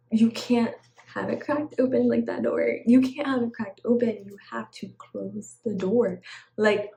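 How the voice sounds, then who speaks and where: A woman's voice: medium pitch, warm tone. A woman giving casual advice straight to camera, chatty and slangy, often laughing, on a poor-quality recording. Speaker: vlogger.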